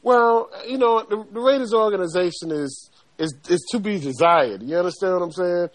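A man's voice: high voice, lively intonation, moderate pace. A man with a Southern accent co-hosting a sports talk show, emphatic and folksy, calling everyone "man". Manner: emphatic, folksy, repeats 'man'. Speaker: co-host.

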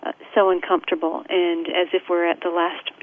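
Host: a woman with a fairly low voice, earnest and reflective, sounding like she is on a tinny phone line. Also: flat delivery, a little fast, slight background noise. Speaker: interview host. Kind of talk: reflective interview talk.

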